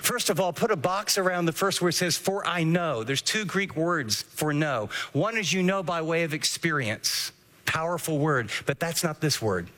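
High, bright-voiced preacher in a reverberant hall. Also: male voice, animated, normal speed. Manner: earnest teaching, walks listeners through scripture verse by verse. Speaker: pastor. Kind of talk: sermon.

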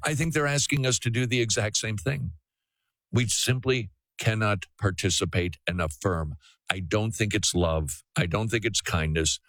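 A man's voice: on the low side, normal speed, a bit bright, no room sound. A man hosting a call-in radio talk show, preaching earnestly and often restarting his sentences.

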